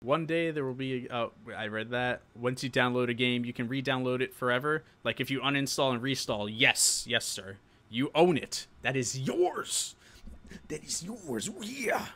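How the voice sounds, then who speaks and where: A man's voice: medium pitch, steady tone, moderate pace, pushed and bright. A young man from New York with a New York accent, hosting a live-stream show and chatting casually with viewers, laughing often.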